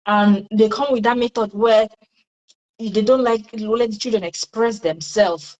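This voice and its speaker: A woman's voice: a little high, fairly even intonation, measured pace, a little mellow. A woman interviewing a guest in a casual chat, asking questions conversationally and often backing the guest up with "mm". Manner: conversational, asks questions, frequent "mm" backchannels. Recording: dull lo-fi recording.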